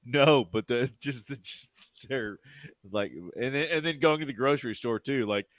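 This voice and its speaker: This is a man co-hosting a casual podcast, his voice sitting at an ordinary middle pitch. He rambles through his stories, stacking up fillers and breaking into laughter as he goes. The recording is dry and close, with no room sound. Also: moderate pace, fairly bright tone, dry recording. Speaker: podcast co-host. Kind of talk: casual chat.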